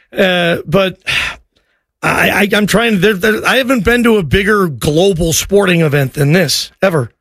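A man hosting a sports call-in radio show, talking in an excited, emotional, rambling way with many restarts. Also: sits high, dry recording, clean studio sound.

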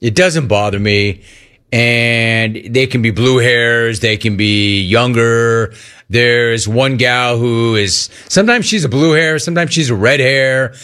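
A middle-aged man hosting a call-in radio show, ranting with animated energy and mocking cheerful greetings in a high voice. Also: slow pace, smooth. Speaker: sports radio host.

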